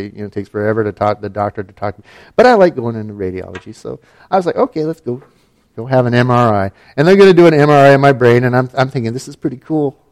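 A middle-aged man from Alaska, with a medium-pitched, darkish voice, tells a personal story. He's casual, wry and self-mocking, with lots of fillers and restarts.

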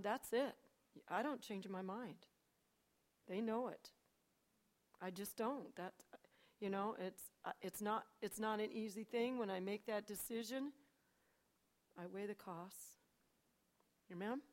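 Her voice sits in the mid range as this older church speaker recounts her testimony to the congregation, a little slowly and with long pauses. At moments she drops to a hush; at others she tells the story loudly and with animation.

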